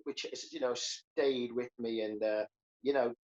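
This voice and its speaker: A man's voice: mid-range voice, fairly even intonation, a little slow, darkish tone. Man in his sixties, lo-fi sound. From Liverpool, England. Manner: earnest, reflective, stammers into sentences. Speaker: guest, comedian and karateka. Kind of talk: casual conversational interview.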